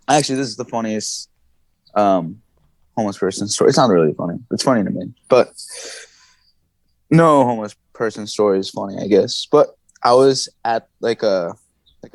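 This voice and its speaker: A man as a podcast guest, telling stories in casual chat, animated, laughing and swearing as he goes. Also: on the low side, no echo. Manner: animated, swings his voice up and down, laughs and swears often.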